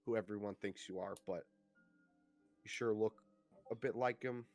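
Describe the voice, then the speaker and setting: A man's voice: on the low side, steady tone, normal speed, darkish tone, soft background music, close to an everyday voice. A man voicing a weary, stern female guard captain who gives blunt, dry warnings in a tabletop game.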